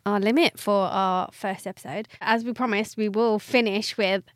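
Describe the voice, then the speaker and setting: A young woman hosts a casual podcast chat and tells animated audition stories, acting out the voices of the people she quotes. Her voice sits at a middle pitch. The recording is close and dry. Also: normal speed, no room sound. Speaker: podcast host, actor.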